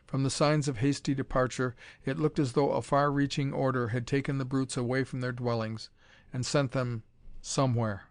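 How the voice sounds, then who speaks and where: A man narrating an adventure audiobook in a measured, even storytelling manner on a close mic. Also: medium pitch, no room sound. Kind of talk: scripted narration.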